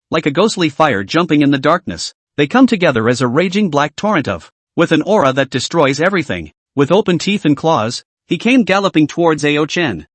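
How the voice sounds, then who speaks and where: Male recap narrator, lively delivery, dry and close. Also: a little high, no room sound. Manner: reads with small restarts.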